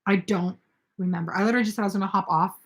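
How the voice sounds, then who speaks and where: A woman's voice: mid-range voice, steady tone, very fast. A young woman in casual chat as the host of a crochet livestream, reading viewer comments aloud and answering them.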